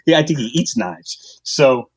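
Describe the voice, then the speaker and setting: A man, a guest on a podcast, telling stories about his coaching career in an animated way, acting out what people said and laughing often. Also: mid-range voice, a little slow. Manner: animated storyteller, acts out quotes, laughs often. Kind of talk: storytelling in a podcast interview.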